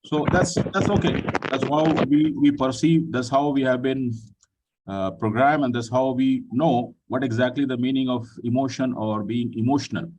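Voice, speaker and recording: Soft-spoken man hosting an online talk. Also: medium pitch, recorded from a distance, dull audio. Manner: polite, addresses people with "ji" and "sir"; pauses with frequent fillers. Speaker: session host. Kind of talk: online group discussion.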